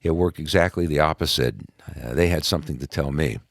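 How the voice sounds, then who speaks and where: A New York man with a very low, deep voice shares his personal testimony as a podcast guest, speaking briskly in an easygoing, conversational way. He uses frequent "uh" fillers and soft laughs, and the recording is close and dry.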